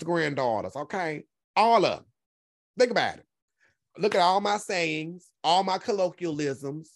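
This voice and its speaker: A man hosting a casual livestream, talking back to his chat in a sassy, profane way and sliding from a low drawl up to high exclamations. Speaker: host.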